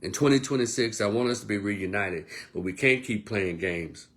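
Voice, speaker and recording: A man delivering a blunt, profane monologue as an online commentator, swinging between loud outbursts and low, quieter stretches. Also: moderate pace. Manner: blunt, profane, animated rant. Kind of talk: casual ranting monologue.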